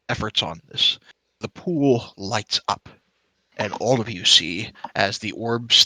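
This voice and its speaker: A man's voice: lowish voice, pushed and bright, no echo. A man narrating as game master of a tabletop game, describing scenes in a casual way with fillers.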